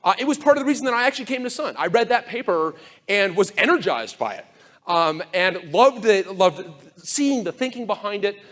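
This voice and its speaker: Man, conference keynote, sardonic, animated, high pitch, swooping delivery. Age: older. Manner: animated, sardonic, quick asides and mock quotes. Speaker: conference speaker. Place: conference room with an audience.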